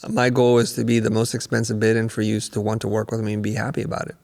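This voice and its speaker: A man's voice: on the low side, fast, gravelly, long reverb tail. A middle-aged man, a guest coach on a podcast, telling stories animatedly and acting out quotes. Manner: animated storyteller, acts out quotes. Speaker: guest, creative business coach. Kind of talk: podcast interview storytelling.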